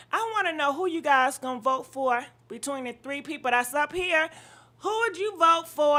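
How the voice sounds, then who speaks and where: A woman's voice: sits high, pushed and bright. A woman hosting a casual live-stream gossip chat, a little out of breath, swearing freely and greeting commenters by name.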